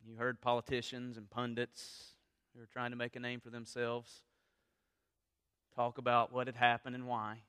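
A man preaching a sermon with passion, going from quiet talk to loud appeals. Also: mid-range voice, monotone, moderate pace, clear, resonant tone, big-room sound. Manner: impassioned, rises from quiet to loud. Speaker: pastor.

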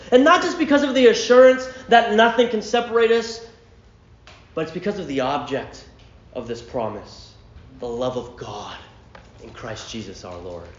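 A male pastor preaching a sermon, emphatic, dropping to a hush and then rising to a shout. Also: mid-range voice, echoey room, muffled recording, slight background noise. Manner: emphatic, swinging from hushed to shouting.

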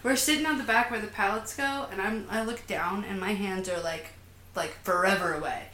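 A woman's voice: medium pitch, fairly quick, sharp tone. A woman telling a story in casual group chat, acting out her own quotes with animation. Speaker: guest. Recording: echoey room, faint noise.

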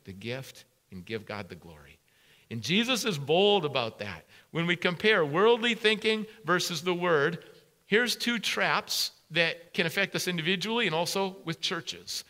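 A man's voice: fairly high pitch, bright, forceful tone. A man preaching a sermon as a pastor, emphatic and repeating key phrases for weight.

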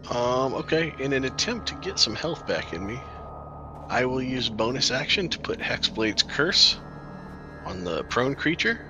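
A man's voice: medium pitch, sing-song, measured pace, over music. A man playing a tabletop game, hesitant and thinking aloud about his moves. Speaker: player. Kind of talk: casual tabletop play. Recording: noisy mic.

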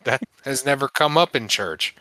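A man's voice: mid-range voice, lively intonation, normal speed, sharp tone, no echo. A man on a casual podcast, musing aloud through rambling guesses. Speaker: podcast co-host. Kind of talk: casual chat.

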